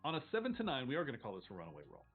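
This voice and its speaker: A man's voice: medium pitch, huge pitch swings, racing, slightly rough, phone-quality sound, faint music behind. A man running a tabletop game as game master, narrating casually, rambling and swearing freely.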